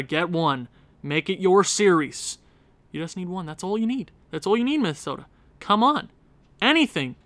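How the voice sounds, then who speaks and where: A man's voice: fairly high pitch, fairly bright tone, clear, resonant tone, no echo. A young man hosting a hockey game let's-play, thinking aloud over lineup choices and talking at the players on screen with exasperated outbursts. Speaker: gaming channel host.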